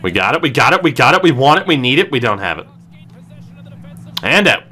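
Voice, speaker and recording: A man commentating his own hockey video game, swinging between low groans and excited shouts. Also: a little fast. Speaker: gaming streamer.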